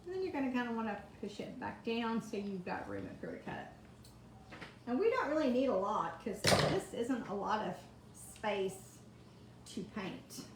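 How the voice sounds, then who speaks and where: A woman's voice: fairly high pitch, expressive, moderate pace, noisy background. A woman chatting through a live craft demonstration, greeting viewers by name from her home kitchen. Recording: echoey kitchen, faint ambience.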